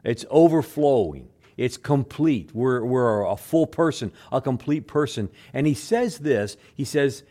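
A male pastor preaches a sermon, shifting between loud, emphatic lines and quiet, low asides. He repeats words often and softly acts out quoted speech, with lively intonation, a measured pace and few pauses.

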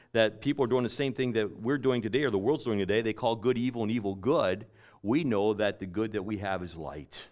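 A man preaching a sermon, repeating key phrases and swinging between loud emphatic lines and quiet, trailing endings. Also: medium pitch.

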